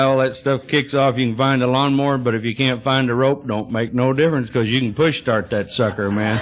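A man's voice: mid-range voice, a bit bright, a little hiss or hum. Drawling man spinning dry yarns. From Texas. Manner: dry, drawling humor with frequent "you know". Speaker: recovery speaker. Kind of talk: storytelling talk to an audience. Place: meeting hall with audience. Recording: dull lo-fi 1980s tape recording.

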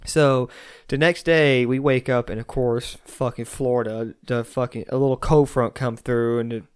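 A man's voice: mid-range voice, steady tone, normal speed, clean tone. Laughing man telling a drinking story. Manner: rambling, laughing, swears a lot. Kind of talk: casual chat.

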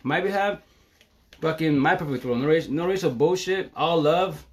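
A man talking fast on a casual live stream, excitable and slangy, swearing freely and filling his talk with "you know". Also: fairly high pitch. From Seattle area. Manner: fast, excitable, slangy and profane with constant fillers. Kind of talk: casual Facebook Live monologue.

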